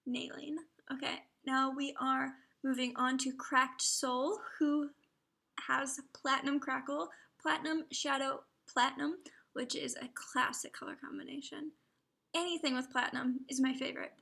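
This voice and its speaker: High gravelly-voiced young woman streamer. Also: little pitch movement, moderate pace, sharp tone. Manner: chatty, often drops into half-whispered asides. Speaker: livestream host. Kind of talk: casual live commentary.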